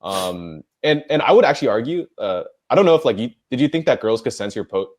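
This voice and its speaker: A man's voice: medium pitch, sing-song, fast, a little mellow. A young man, co-hosting a casual debate podcast and rambling with many fillers and restarts. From United States. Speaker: podcast co-host.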